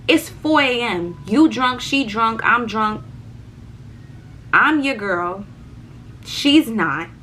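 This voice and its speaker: A young woman vlogger chatting casually through a story, animated, swearing and repeating words for emphasis. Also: a little high, takes it slowly, long pauses, slight background noise, poor audio.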